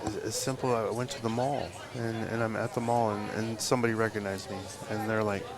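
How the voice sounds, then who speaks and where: This man's voice is fairly low and level, and he speaks fairly quickly. He's a tattoo artist telling a drawn-out story in a live podcast interview at a tattoo convention, wandering off track with lots of fillers and swearing as loud crowd chatter carries on behind him.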